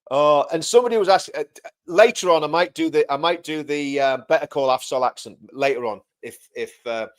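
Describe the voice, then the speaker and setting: A man's voice: fairly high pitch, moderate pace. A man co-hosting a casual livestream chat, talkative and repetitive, often breaking into laughter. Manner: chatty, repeats himself, laughs often. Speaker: livestream co-host.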